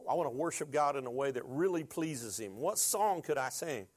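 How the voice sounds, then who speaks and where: A man's voice: mid-range voice, expressive, normal speed. A man preaching a sermon as pastor, talking conversationally and building to fervent, rising exhortation.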